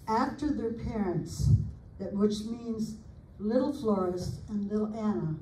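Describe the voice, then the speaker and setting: An older woman from the United States reading family recollections aloud in an unhurried, homely way, adding small asides as she goes. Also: medium pitch, dark tone, a little hiss or hum. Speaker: family historian presenter. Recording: roomy sound from a distant mic.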